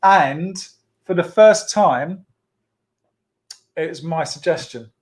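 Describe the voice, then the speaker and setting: A man with a slightly high voice hosts a children's church club, talking casually to kids and families. He is playful and talkative, laughs easily, and stops often for an um or uh. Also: takes it slowly, darkish tone. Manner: chatty and playful, with frequent laughs and fillers. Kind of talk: casual online hosting for children.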